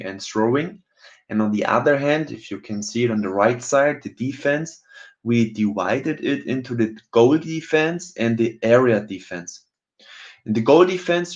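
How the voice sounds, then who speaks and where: Casting: young male coach, slow halting webinar delivery, slightly dull lo-fi sound. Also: medium pitch. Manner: hesitant, many ums and uhs, non-native phrasing. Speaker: goalkeeping coach presenting software. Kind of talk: webinar screen-share walkthrough.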